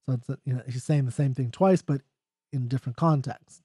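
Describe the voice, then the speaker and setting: A man's voice: mid-range voice, brisk, mellow, husky, dry recording, studio quality. A man explaining a poem in a casual lecture, loose and jokey, checking in with "right?" as he goes. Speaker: literature teacher.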